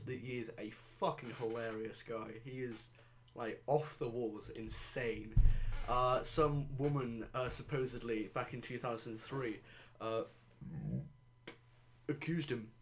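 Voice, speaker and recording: A man's voice: medium pitch, steady tone, unhurried, a little hiss or hum. A young man hosting a podcast in casual chat, crude, sarcastic and rambling. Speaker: podcast host.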